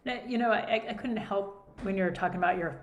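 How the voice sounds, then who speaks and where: Soft halting woman in echoey room. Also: medium pitch, muffled recording. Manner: halting, restarts often, soft trailing-off. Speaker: co-host. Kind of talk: casual chat. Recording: echoey room, faint noise.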